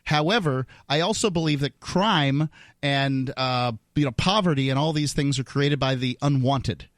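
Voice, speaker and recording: A man's voice: medium pitch, normal speed, a bit bright, no echo, studio quality. A man hosting a talk radio show, blunt and opinionated in casual talk. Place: radio studio. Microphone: studio microphone.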